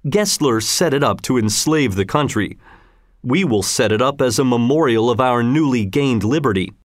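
A man's voice: medium pitch, animated, moderate pace, no room sound, studio quality, lightly acted. A man reading the lines of a steadfast heroic male folk leader in a storybook reading. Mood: resolute.

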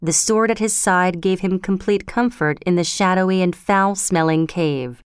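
A woman narrating a storybook in a measured, clear reading. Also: on the low side, dry recording, clean studio sound.

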